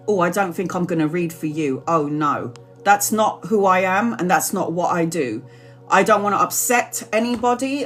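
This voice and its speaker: A woman's voice: mid-range voice, a bit bright. A woman giving tarot readings on a live stream, talking earnestly and apologizing often, repeating herself as she reassures viewers. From Brazil. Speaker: tarot reader.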